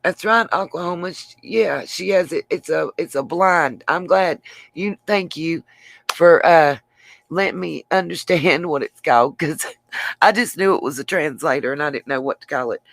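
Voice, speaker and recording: This livestream host has a deep voice with vocal fry, speaking at normal speed with no echo. Talking casually on her own channel, she rambles, restarts often, and answers viewers by name.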